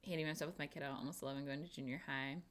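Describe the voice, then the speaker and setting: A woman's voice: low voice, fairly even intonation, racing. A young woman streamer chatting casually and giggling, talking to herself as she reads things out. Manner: chatty, giggly, talks to herself while reading. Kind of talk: casual chat.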